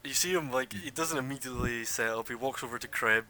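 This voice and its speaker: A man's voice: medium pitch, fast talker, noisy background. A young man narrating a tabletop game as game master, rambling with many fillers.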